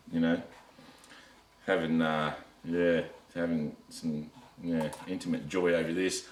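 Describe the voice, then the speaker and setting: Sarcastic deep-voiced man. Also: a bit bright. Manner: mocking, with wry laughs. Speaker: knife reviewer. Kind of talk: rambling sarcastic rant. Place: at home at night under bright lights. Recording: roomy sound from a distant mic.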